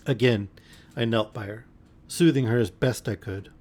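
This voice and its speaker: A man reading a novel aloud as a bedtime story on a live stream, expressive, with the odd wry aside. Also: medium pitch, moderate pace.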